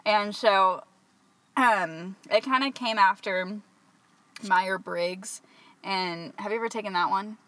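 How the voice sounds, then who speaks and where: A woman from California with a Californian accent, hosting a casual podcast chat and explaining things in a relaxed, rambling way with fillers. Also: medium pitch, slow. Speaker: podcast host.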